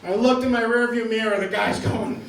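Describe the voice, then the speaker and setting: A man's voice: very high-pitched, brisk, distant mic, crowd noise. A man doing a stand-up comedy set on a club stage, telling stories with lots of energy and often laughing through his lines. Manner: animated storytelling, often laughing mid-line. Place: comedy club stage before a live audience. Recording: roomy club sound caught from afar.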